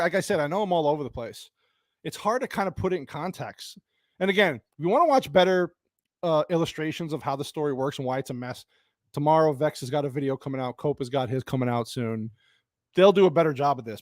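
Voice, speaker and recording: A man's voice: on the high side, no echo, clean studio sound. Ranting, cursing man on a stream. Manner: angry, profane, rambling with restarts; reads and answers chat viewers. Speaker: live stream host. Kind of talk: live-streamed movie rant.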